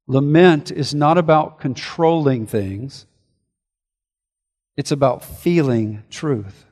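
Male pastor, earnest sermon delivery, slightly raised pitch, hall echo. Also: slow pace. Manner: earnest preaching, rising and falling from forceful to hushed.

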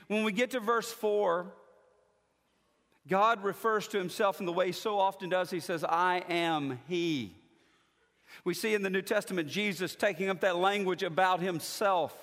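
A man preaching a sermon as pastor, measured and emphatic, leaning on slow, stressed phrases. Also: high voice, a bit bright, big-room sound.

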